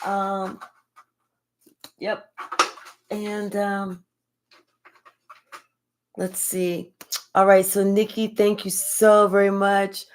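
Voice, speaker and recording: Hosting a live spiritual reading stream, an older woman chats easygoingly and affectionately thanks viewers by name. Her pitch is medium, she draws out her words, and she pauses often.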